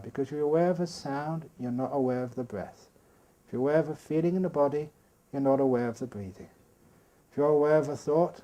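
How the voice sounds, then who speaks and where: Mellow-voiced man teaching meditation. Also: mid-range voice. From Australia. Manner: calm, slow, patient with soft pauses. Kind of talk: guided meditation talk. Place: retreat hall.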